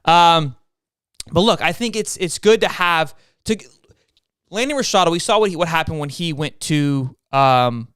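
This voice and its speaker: A young man hosting a casual sports talk stream, energetic and repeating his words as he goes. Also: on the high side, moderate pace, smooth, no echo, studio quality. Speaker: host.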